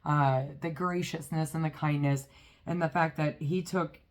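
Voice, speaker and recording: Woman, low voice, chatty, rambling storyteller, casual vlog. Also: fairly even intonation, measured pace. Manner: chatty, rambling with many fillers. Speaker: vlogger.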